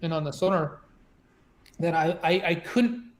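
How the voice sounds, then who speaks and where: A man's voice: fairly high pitch, a little slow, echoey room. A man, a former submarine officer, telling a story in a chatty way, full of "you know" and "like" and many restarts. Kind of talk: conversational storytelling.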